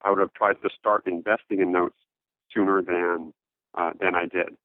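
A man's voice: deep voice, level tone, no echo. Man on a tinny phone line. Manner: halting, many fillers and restarts. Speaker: interview guest, note investor. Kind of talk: casual interview talk.

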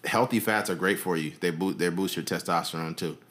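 Man, low-pitched, casual podcast chat, relaxed, profane, laughs often. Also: fairly quick. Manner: laid-back, swears casually, laughs a lot. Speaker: podcast co-host.

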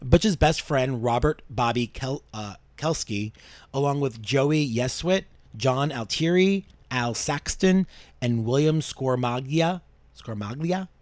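A male podcast host telling a true-crime story in a measured way, dropping low for grim details. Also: expressive, darkish tone, dry recording.

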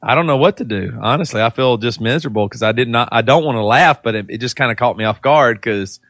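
A man's voice: mid-range voice, quick pace, a bit bright, no room sound, studio quality. A man co-hosting a podcast, bantering and laughing between jokes. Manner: laughing, joking, mock-prayer bits. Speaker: podcast co-host.

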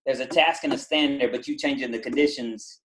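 A middle-aged man with a Southern country accent, a basketball coach and former drill instructor, talking in a casual podcast interview with many halting restarts. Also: medium pitch, fairly even intonation, a bit bright, echoey room, slight background noise, low-quality recording. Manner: halting, repeats words, many fillers.

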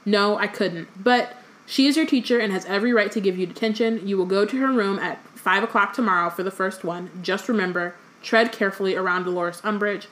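A woman reading aloud as a stern older witch teacher who speaks briskly. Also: mid-range voice, a bit bright, lightly acted.

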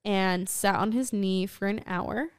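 A young woman co-hosting a podcast, telling a personal story in casual chat with lots of "like" fillers, often dropping to a soft low voice. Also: unhurried, clear, resonant tone, no room sound, studio quality. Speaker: podcast co-host.

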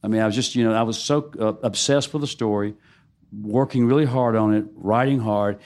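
A man's voice: on the low side, fairly quick, darkish tone. Wry, self-mocking middle-aged man. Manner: wry storytelling, laughs at himself. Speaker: novelist on a panel. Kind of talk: casual onstage conversation.

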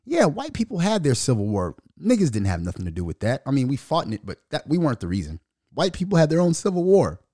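A man's voice: a little high, huge pitch swings, fast, dark tone, no echo, clean studio sound. A man hosting a podcast, ranting in a profane monologue and mocking the voices of others. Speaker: podcast host.

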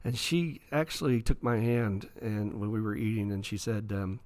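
A man's voice: on the low side, moderate pace. A man, an author and guest in a studio interview, telling his story animatedly and acting out the dialogue in it. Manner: animated, acts out quoted dialogue.

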